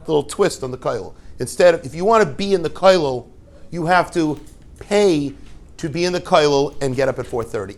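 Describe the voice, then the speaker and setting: A man's voice: a little high, big pitch swings, normal speed, pauses often. A man, a rabbi and yeshiva head, giving an informal Torah talk to a class, telling stories with rhetorical questions and joking asides.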